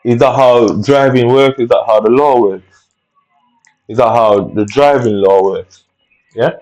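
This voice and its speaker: A man's voice: medium pitch, unhurried, a little mellow, dull audio. Heated man ranting. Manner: heated, rambling, profane, repeats tag questions. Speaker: vlogger. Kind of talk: angry personal storytelling.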